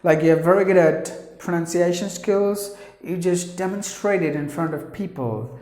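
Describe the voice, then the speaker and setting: A man with an Indian English accent teaching pronunciation, spelling out sounds and repeating words slowly and earnestly. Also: sits high, darkish tone, echoey room. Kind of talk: pronunciation lesson. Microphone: camera operated by his wife.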